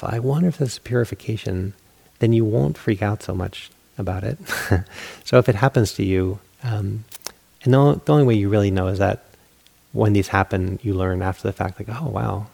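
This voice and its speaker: A man's voice: fairly low pitch, normal speed, vocal fry, dark tone, breathy edge. A meditation teacher giving a dharma talk, telling a story with candid, self-mocking humor and acting out his own inner voices. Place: meditation hall.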